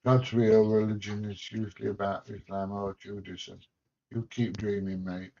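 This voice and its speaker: The speaker is a male livestream host from England, broadcasting from home and reading viewer comments in a blunt, easygoing manner with jokes and mild profanity. He talks at normal speed, his fairly low, dark voice showing little pitch movement. The audio is dull and lo-fi.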